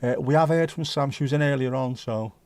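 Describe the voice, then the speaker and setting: A man's voice: mid-range voice, fairly quick, a little mellow, no echo. A man hosting a casual livestream, reading out viewer comments with jokey banter and slipping into bits of Dutch and Spanish. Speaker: livestream host.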